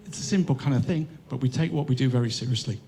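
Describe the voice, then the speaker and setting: A man with an Australian accent giving a speech at an event as a charity co-founder, lively and laughing as he acts out quotes. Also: medium pitch, fast talker, a little hiss or hum. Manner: lively storyteller, acting out quotes with excited laughter. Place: event hall.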